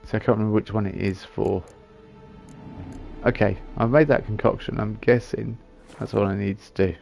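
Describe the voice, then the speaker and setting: A man's voice: on the low side, steady tone, normal speed, gravelly, darkish tone, faint music behind. A man giving casual commentary on a game he plays, muttering and reading item descriptions aloud as he thinks it through. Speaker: gaming channel host.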